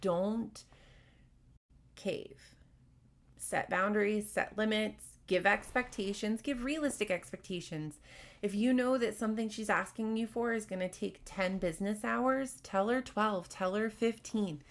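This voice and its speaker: A woman's voice: mid-range voice, a little slow. Frank woman podcast host giving advice. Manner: frank, conversational, with many fillers. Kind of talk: casual advice talk.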